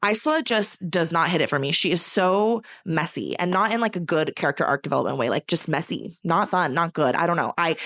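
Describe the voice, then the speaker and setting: A woman's voice: on the low side, a bit bright, no echo, clean studio sound. A young woman from California chatting casually about books she read, rambling with lots of filler words and dramatic gushing and ranting. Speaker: book reviewer. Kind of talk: casual chat.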